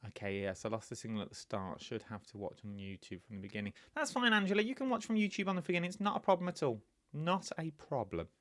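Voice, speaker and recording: A man's voice: on the high side, sing-song, fast talker, a bit bright, dry recording, studio quality. A man hosting a live-streamed quiz, talking to viewers in a chatty, rambling way with lots of asides. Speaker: quiz host.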